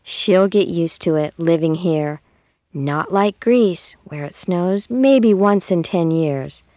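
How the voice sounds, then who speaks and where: A woman voicing a gentle, practical mother in a storybook reading. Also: fairly low pitch, slow, no echo.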